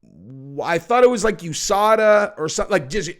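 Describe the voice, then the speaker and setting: A male host delivers loose, mocking commentary on a clip. His voice is slightly high and very lively in pitch. He jumps into playful impressions and swears casually. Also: normal speed. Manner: animated, mocking, profane.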